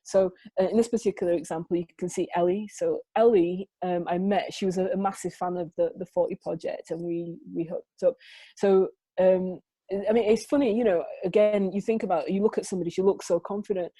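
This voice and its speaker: Woman photographer chatting about her shoots, lively storyteller, lowish warm voice, dry sound. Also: a little fast, husky, no echo. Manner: lively storytelling, acts out quoted dialogue; frequent fillers and restarts. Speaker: photographer guest. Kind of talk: presenting her work in an interview.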